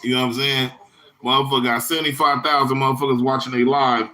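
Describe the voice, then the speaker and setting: A man chatting on his own livestream, talking straight to viewers and reading out their comments. His speech is loose and slangy, swearing freely and wandering from point to point. His voice sits at an ordinary middle pitch for a man. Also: flat delivery, fast talker, bright, forceful tone. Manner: rambling, profane, slangy, answers chat comments by name. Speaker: livestream host. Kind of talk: casual livestream chat with viewers.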